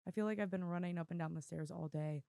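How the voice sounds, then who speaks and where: Hoarse woman podcast host, gravelly, dry close sound, rambling self-deprecating chat. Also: on the low side, fast talker, dark tone, no echo. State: losing her voice. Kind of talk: casual chat. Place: room at home with dogs. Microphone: desk mic on video.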